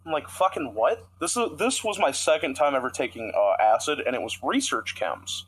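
A man's voice: medium pitch, brisk, slight background noise, rough recording. Young man telling a profane story. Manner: profane, rambling, animated storytelling. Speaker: podcast co-host. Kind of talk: casual storytelling chat.

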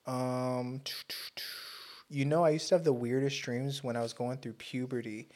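A young man hosts a relaxed chat among friends, joking and swearing freely. His voice sits at an everyday middle pitch. He talks in a loose, easygoing way. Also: normal speed. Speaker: podcast host. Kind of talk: casual chat.

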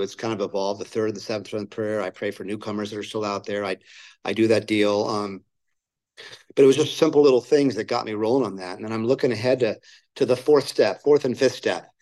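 A man's voice: mid-range voice, darkish tone, rough recording. A man sharing his personal recovery story at a meeting, candid and plain-spoken, acting out the voices of people he quotes. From Southern California. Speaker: main speaker at a recovery meeting. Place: meeting room.

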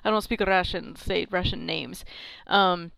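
A woman's voice: lowish voice, fairly even intonation, measured pace, creaky, a bit bright, dry recording. A woman co-hosting a podcast, telling a story in casual chat, rambling with many "um" and "like". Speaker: podcast co-host.

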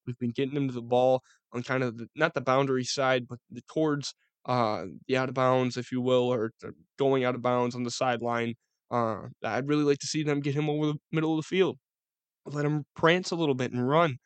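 A young man with a Western New York accent giving casual, profane sports commentary as a podcast host, rambling and excitable. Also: mid-range voice, no echo.

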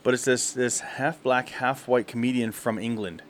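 A man chats on a casual podcast and tells stories in quick bursts, laughing as he goes. He sounds mid-pitched, and the room behind him is a little noisy. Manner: animated storyteller, quick bursts, laughs often. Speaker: podcast co-host. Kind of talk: casual chat.

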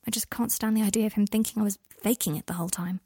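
A woman voicing a guilt-ridden young man who speaks quietly, often in a half whisper, with a dry close sound. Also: medium pitch, fairly even intonation, rapid-fire, slightly rough, dry recording. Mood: subdued.

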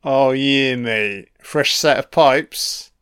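A man's voice: medium pitch, extremely slow, a bit bright, clean tone. A man giving a casual, sweary and sarcastic commentary on a film.

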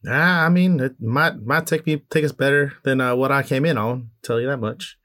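A man's voice: medium pitch, moderate pace, a bit bright. Rambling man describing his character. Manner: rambling, laughing, hesitant descriptions. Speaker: player. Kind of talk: playing a tabletop game.

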